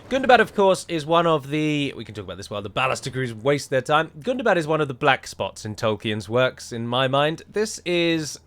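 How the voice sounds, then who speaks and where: A man's voice: medium pitch, lively intonation, fairly quick, few pauses, fairly bright tone. A man giving chatty, wry commentary while playing a strategy game, wandering into rambling asides. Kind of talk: gameplay commentary.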